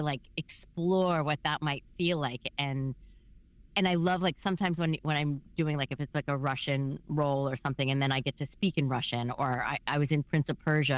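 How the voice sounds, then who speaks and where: A woman voice actor chatting casually in an interview, talking in a loose, filler-heavy, animated way. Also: low-pitched, clean tone, no echo. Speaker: voice actor guest.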